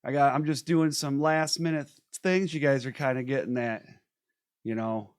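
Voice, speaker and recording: A man's voice: a little high, moderate pace, clean tone, dry recording, clean studio sound. Upbeat chatty male stream host. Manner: energetic, chatty, shouting out viewers. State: feeling unwell. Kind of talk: casual live-stream chat.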